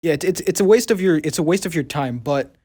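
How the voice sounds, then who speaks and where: A man's voice: a little high, quick pace, darkish tone, no echo. A young man in casual chat who stammers and repeats his words often. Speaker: student show panelist.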